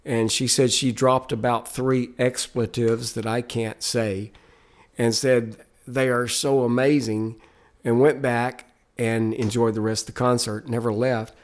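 A man's voice: mid-range voice, little pitch movement, unhurried. A man, a Christian musician, telling stories in a podcast interview with an earnest, emphatic, preacher-like cadence.

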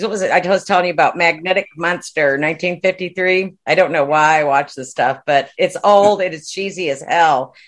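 A woman chatting casually on a podcast, talking loosely about what she has been watching. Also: lowish voice. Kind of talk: casual chat.

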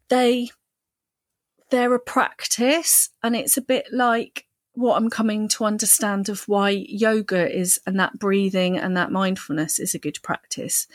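A woman's voice: medium pitch, dry recording. A woman co-hosting a podcast, chatting casually and animatedly, with playful voices for quoted thoughts. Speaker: podcast co-host. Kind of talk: casual chat.

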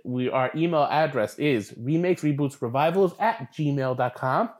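A man co-hosting a podcast in casual chat, chatty and animated, quick to joke and react. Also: medium pitch. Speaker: podcast co-host.

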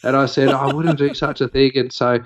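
A man's voice: mid-range voice, little pitch movement, fairly quick. Picture an Australian man spinning a long anecdote in casual chat, voice sitting in a middling register. He wanders, restarts and fills gaps with "um" as he goes. The sound is a little dull and lo-fi. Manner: rambling anecdotal, many fillers and restarts. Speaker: podcast co-host.

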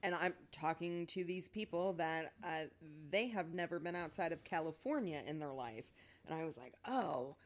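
A woman's voice: lowish voice, moderate pace. A woman from the Midwest hosting a podcast, telling stories in loose, profane casual chat with frequent laughs. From American Midwest. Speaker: podcast host.

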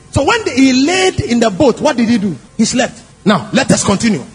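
A man preaching a sermon in an emphatic, animated way, often asking the congregation questions. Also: extremely high pitch, a little fast, hardly any pauses. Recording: long hall reverb, faint music.

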